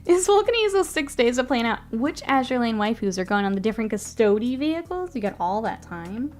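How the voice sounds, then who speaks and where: A woman streamer chatting casually with her live chat while she works, often murmuring softly, laughing easily, with a stuffy nose. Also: a little high, very animated, a little fast, faint music behind.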